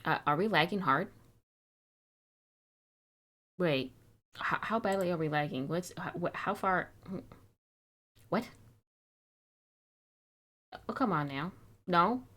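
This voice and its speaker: Rambling young woman streamer, a bit low. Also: expressive, a little slow, long pauses. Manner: rambling, wistful, fretting aloud with restarts and soft laughs. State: sick. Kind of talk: casual live-stream chat.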